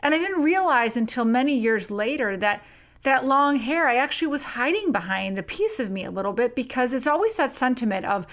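A woman's voice: high voice, lively intonation, a little fast, fairly bright tone. Candid woman hosting a solo podcast. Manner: candid, self-deprecating and conversational. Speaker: podcast host. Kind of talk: solo podcast monologue with a book reading.

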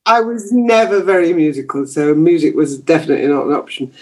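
A man's voice: a little high, a little fast, darkish tone. A man, a journalist being interviewed, telling stories from his youth in a chatty way, laughing easily and restarting his sentences. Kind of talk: reflective conversational storytelling.

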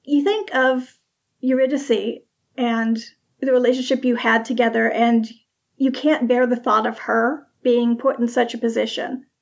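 Gravelly-voiced woman game master. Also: fairly high pitch, little pitch movement, unhurried, highs cut off. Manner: descriptive, vivid narration. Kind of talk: narrating a tabletop game.

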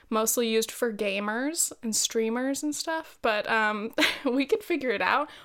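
Young woman podcast host, kinda high voice, rambly and giggly, laughs at herself a lot. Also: fairly bright tone. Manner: chatty, giggly and self-deprecating. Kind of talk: casual solo podcast chat.

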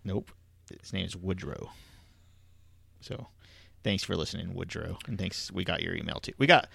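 Gravelly podcast dude, laid back, lots of ums, dry close mic. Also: male voice, deep voice, expressive, fairly bright tone, dry recording. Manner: easygoing, halting, many fillers. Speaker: podcast co-host. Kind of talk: casual chat.

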